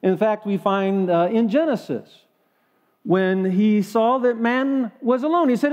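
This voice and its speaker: High-voiced preacher in a ringing hall. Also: male voice, unhurried, darkish tone, dull audio. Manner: folksy, with frequent fillers and restarts. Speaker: guest preacher. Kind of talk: sermon. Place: church.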